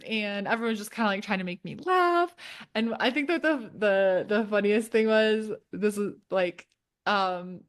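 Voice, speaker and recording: A young woman co-hosting a podcast, telling a story in animated, casual chat and laughing often. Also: mid-range voice. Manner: animated, laughs often, quotes people in playful voices. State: tired and shaken. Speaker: podcast co-host.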